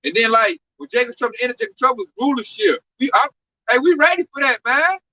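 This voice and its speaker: A man with a high, bright voice lectures in a preachy but casual way, hammering his points home and repeating himself. He sounds set back from the mic, and a faint hiss sits under the recording. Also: animated, quick pace. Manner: emphatic and repetitive, keeps tacking on "man". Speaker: religious teacher. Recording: distant mic with faint noise.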